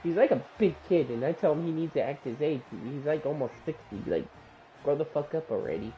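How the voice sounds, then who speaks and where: A man's voice: fairly high pitch, animated, fairly quick, muffled recording, a little hiss or hum. A man in casual chat, telling a long story in rambling run-on sentences, restarting them and swearing casually.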